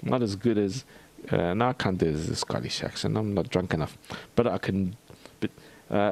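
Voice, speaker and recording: An Australian man hosting a livestream in a rambling, halting chat full of fillers and restarts. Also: fairly low pitch, vocal fry, a little mellow. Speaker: livestream host.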